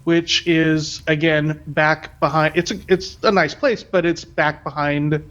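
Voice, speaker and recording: A man's voice: a little high, fairly even intonation, a little slow, fairly bright tone, muffled recording. A man co-hosting a podcast, speaking casually and hesitantly with lots of ums. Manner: hesitant, many ums and repeated words. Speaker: podcast co-host.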